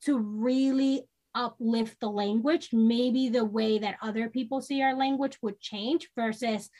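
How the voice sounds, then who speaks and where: A woman's voice: on the high side, steady tone, measured pace, mellow. A woman from New York state, a social worker guest on a podcast, talking earnestly and animatedly in a casual interview, sometimes acting out quoted voices.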